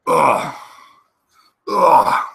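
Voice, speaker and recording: A man's voice: a little high, animated, very slow, vocal fry, fairly bright tone. A man hosting a sports betting show, talking to himself with profanity and rambling agitation as he places live bets. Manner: talks to himself while placing bets.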